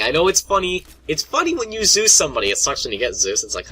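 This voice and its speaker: A man's voice: a little high, wildly swooping pitch, fast, few pauses, bright, forceful tone, breathy edge. A young man rambling casually to his viewers about annoying players, full of fillers, restarts and mock voices. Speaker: gaming vlogger. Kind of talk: casual rant to camera.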